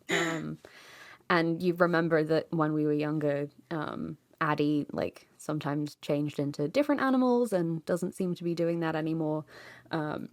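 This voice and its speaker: A woman's voice: low voice, normal speed, dry recording. Woman, tabletop player, chatty narration, dry sound. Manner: laughing, chatty. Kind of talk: casual narration of her character.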